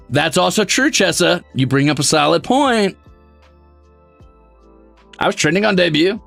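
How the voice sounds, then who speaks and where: A young man streaming casually, reading chat messages aloud, excitable and swearing freely. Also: a little high, normal speed, gravelly, pauses often, no echo, soft background music.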